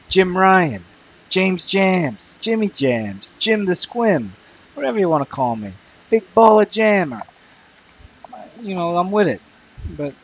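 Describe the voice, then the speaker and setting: A man's voice: on the high side, a little hiss or hum, low-quality recording. A young man giving crude, rambling let's play commentary, swearing constantly and muttering at the enemies he fights. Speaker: gamer playing solo.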